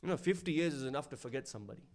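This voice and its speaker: A man's voice: expressive, rapid-fire. Man preaching a storytelling sermon. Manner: storytelling, drops to a low hushed voice for sad quotes; rises louder when stressing points. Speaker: speaker at an Islamic centre.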